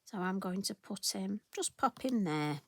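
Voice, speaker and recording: A middle-aged woman hosts a craft tutorial, talking chattily to her viewers as she stamps a card. Her manner is friendly and self-deprecating, with a voice of ordinary pitch for a woman. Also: animated, unhurried.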